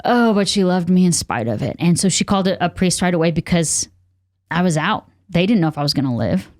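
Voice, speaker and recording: A woman's voice: fairly low pitch, lively intonation, a little fast, dry recording, studio quality. Earnest young woman telling her story. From Texas. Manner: earnest, candid, many fillers, acts out what people said. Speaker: podcast guest. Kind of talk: personal testimony storytelling.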